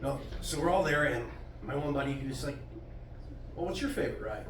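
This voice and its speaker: A man's voice: mid-range voice, animated, brisk. Middle-aged male comic, crude and self-mocking, heard from a distance in an echoey, noisy club. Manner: crude, self-deprecating storytelling. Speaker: stand-up comedian. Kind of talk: stand-up comedy set. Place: comedy club stage with audience. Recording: roomy club sound from afar, noisy.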